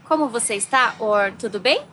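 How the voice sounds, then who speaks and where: A young woman from Brazil teaching a vocabulary lesson, saying each word slowly before giving its meaning. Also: a little high, expressive, pushed and bright, a little hiss or hum, low-quality recording. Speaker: language teacher.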